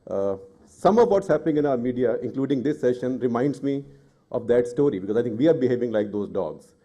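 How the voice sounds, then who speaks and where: Speaking a little fast in a mid-range voice with lively intonation, a middle-aged journalist from India addresses a panel. After telling a story, he turns to forceful argument, getting more indignant and angry as he goes in an impassioned public talk.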